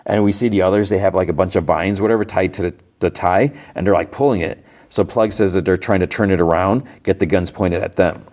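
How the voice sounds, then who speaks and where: A podcast host with a deep, darkish male voice recaps TV episodes casually, talking fairly quickly with hardly any pauses. His delivery rambles and is packed with the filler word "like."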